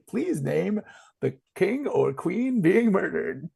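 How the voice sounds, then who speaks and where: A deadpan automated emergency-line voice, as a woman mimics it reads out its menu in flat, mock-robotic announcements. The tone has a gravelly, husky edge and sounds dry and close. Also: medium pitch, slow, dry recording, exaggerated voice.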